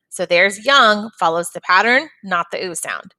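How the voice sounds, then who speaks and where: A woman's voice: medium pitch, animated, a little slow, pushed and bright, no echo. A woman teacher patiently walking young students through a phonics and reading lesson, step by step.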